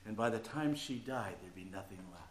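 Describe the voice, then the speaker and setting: A male pastor preaching a sermon, animated and conversational, dropping to quiet asides and rising to loud emphatic bursts. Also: lowish voice, a little fast, a little hiss or hum.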